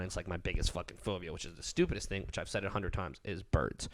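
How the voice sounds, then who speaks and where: A man's voice: lowish voice, animated, quick pace, a bit bright, no room sound. A man, co-hosting a podcast in a loose, profane storytelling way. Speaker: podcast co-host. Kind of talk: casual podcast chat.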